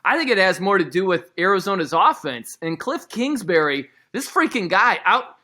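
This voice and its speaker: A man guesting on a sports talk show, animated, opinionated and jokey. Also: sits high, normal speed.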